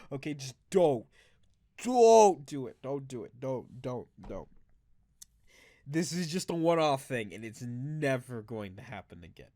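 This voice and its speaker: A man's voice: on the high side, fairly bright tone, dry recording, clean studio sound. A drunk man doing casual let's play commentary, giggly, swearing and rambling. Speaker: game commentator.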